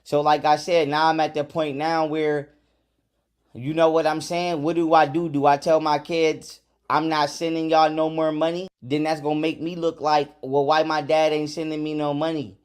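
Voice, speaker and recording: A man vents about his situation as a father in a recorded monologue. He is aggrieved and repetitive and keeps asking rhetorical questions. His voice sits a little high. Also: flat delivery, moderate pace, clear, resonant tone. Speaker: father venting in a video. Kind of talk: venting monologue.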